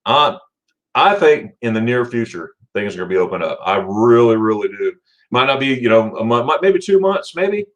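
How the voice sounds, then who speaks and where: Middle-aged male livestream host, chatty and upbeat, mid-pitched voice, greets viewers with sudden excited jumps. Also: moderate pace, highs cut off. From Florida, USA. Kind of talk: casual livestream chat reading viewer comments.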